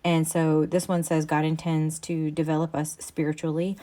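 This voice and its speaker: A woman with a low, fairly flat voice talks through her craft project as a casual voice-over. She meanders along easily, pausing on ums and restarting her sentences. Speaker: craft vlogger.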